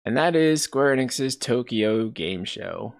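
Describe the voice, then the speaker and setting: A man's voice: medium pitch, lively intonation, slow pace, gravelly. A man in his thirties hosting a livestream, chatting casually and rambling with lots of fillers. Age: 30s. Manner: rambling, many fillers like "you know" and "like". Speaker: streamer host.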